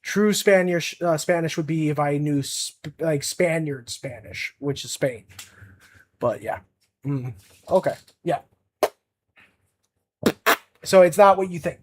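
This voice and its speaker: A man's voice: a little high, slow pace, long pauses, a little mellow, slight background noise. A young man chatting casually on a livestream as an art streamer, rambling with lots of fillers and restarts.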